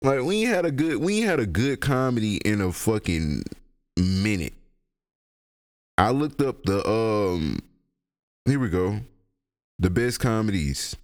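A young man, high and rambling through a casual, profane solo podcast rant. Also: lively intonation, a little slow, long pauses. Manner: rambling, profane, laughs a lot. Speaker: podcast host.

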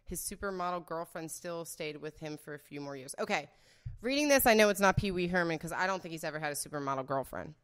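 Woman guest, slightly low-pitched, loose and blunt, rambles and swears as she guesses. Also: animated, quick pace, a bit bright, clear, resonant tone. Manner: blunt, rambling, swears freely, laughs often. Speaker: guest guessing celebrity scandals. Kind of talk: casual unscripted chat.

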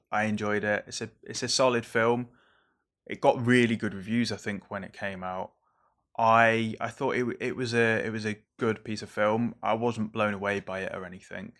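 An English man, a young adult, hosting a casual solo podcast in an excitable, rambling, over-caffeinated way, swearing now and then. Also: on the low side, moderate pace. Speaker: podcast host reviewing films.

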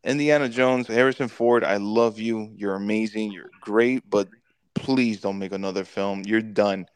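A man co-hosting a podcast, retelling movie scenes in an animated, profane way and putting on quick voices for the characters. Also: fairly low pitch, smooth, no room sound. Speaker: podcast co-host. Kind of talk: casual movie review chat.

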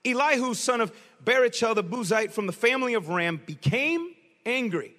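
A man preaching a sermon in a casual, slangy, animated storytelling way. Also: very high-pitched, normal speed, long reverb tail.

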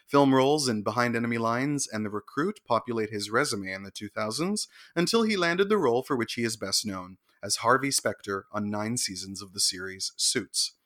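A man co-hosting a show, reading celebrity birthday notes in a crisp, informative way with wry asides. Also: medium pitch, normal speed, few pauses, fairly bright tone, no echo, studio quality. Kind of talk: scripted entertainment segment with banter.

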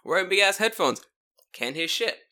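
A man's voice: high-pitched, normal speed. A young man from London with a London accent, casually telling a story on a podcast, swearing freely and acting out the voices of people in it. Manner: animated, swears freely, acts out voices in his stories. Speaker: podcast co-host.

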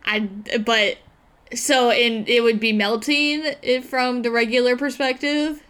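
A woman's voice: on the high side, level tone, slow, fairly bright tone, clear, resonant tone. A young woman co-hosting a casual movie commentary podcast, blunt, swearing freely and laughing often. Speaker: podcast co-host.

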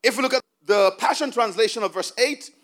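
A man's voice: very high voice, a little fast, a bit bright. A male preacher delivering a sermon, repeating key phrases for emphasis and calling on the congregation to answer back.

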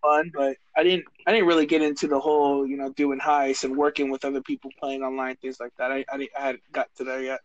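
A man's voice: mid-range voice, flat delivery, fast, hardly any pauses, highs cut off. A man guesting on a podcast over a remote link, chatting casually in an agreeable, supportive way. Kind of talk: casual chat. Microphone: remote recording.

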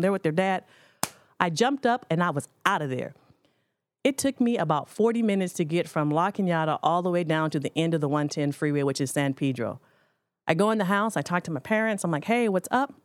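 A woman's voice: on the low side, no room sound, clean studio sound. A woman in her forties, a physician, telling a personal story to an audience in an earnest, direct way. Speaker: physician speaker.

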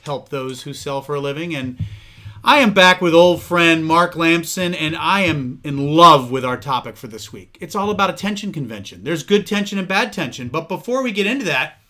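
A middle-aged man hosting a podcast in casual chat, jokey and quick to laugh. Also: fairly high pitch, expressive, bright, forceful tone. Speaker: podcast host.

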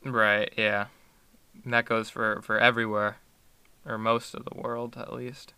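A man's voice: on the low side, flat delivery, unhurried, creaky, bright, forceful tone, smooth, no echo. A teenage boy chatting casually in an interview, rambling with many fillers and restarts. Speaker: student athlete guest.

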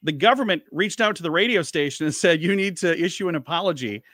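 A man's voice: fairly high pitch, animated, fast, a bit bright, dry recording, studio quality. A male comedian and radio host telling a rambling anecdote in casual chat, restarting his sentences as he goes. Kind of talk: casual storytelling.

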